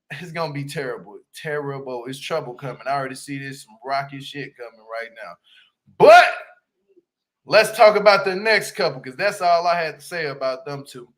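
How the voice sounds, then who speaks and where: A man hosting a casual livestream review of a reality show, animated and slangy, laughing and talking straight to his viewers. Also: fairly high pitch, moderate pace, rough recording. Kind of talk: casual commentary.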